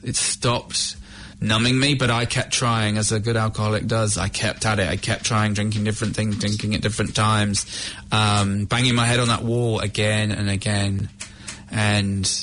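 A middle-aged man from the UK telling his own recovery story in a candid, halting, reflective way. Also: fairly low pitch, fairly even intonation, a bit bright. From United Kingdom. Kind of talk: personal testimony.

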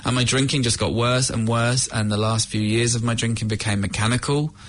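A middle-aged man from the UK telling his own recovery story in a candid, halting, reflective way. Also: mid-range voice, fairly even intonation. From United Kingdom. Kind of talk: personal testimony.

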